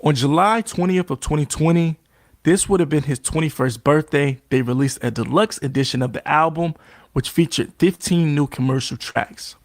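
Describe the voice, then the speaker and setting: A man reading documentary narration in a steady, factual way. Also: fairly high pitch, normal speed, dry recording, clean studio sound. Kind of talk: scripted narration.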